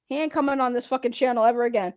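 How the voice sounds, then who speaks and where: A young woman with a high voice rants bluntly at her livestream chat, swearing freely. Her voice sits close and dry on a desk mic, with almost no room sound. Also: racing, no room sound. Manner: blunt, heavy swearing, talks straight to chat. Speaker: livestream commentary host. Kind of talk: ranting livestream commentary.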